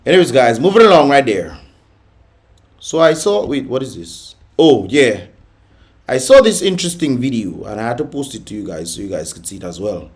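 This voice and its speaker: A man's voice: medium pitch, very animated, normal speed. A man hosting a casual reaction vlog, chatty and laughing often, with Caribbean creole phrasing. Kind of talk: casual commentary on viral videos.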